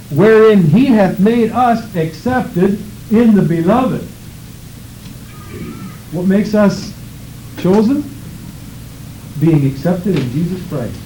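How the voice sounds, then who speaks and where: A man preaching with fervor, his high voice swooping widely between phrases as he reads scripture and prays. The tone is mellow and soft-edged. A faint hiss of church background sits behind him. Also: poor audio. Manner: fervent, rhythmic preaching with scripture reading. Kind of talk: sermon.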